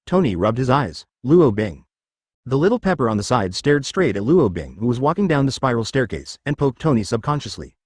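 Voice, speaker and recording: Man narrating a fan story, lively pitch. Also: fairly quick, few pauses, husky, no room sound, clean studio sound. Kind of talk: scripted audiobook narration.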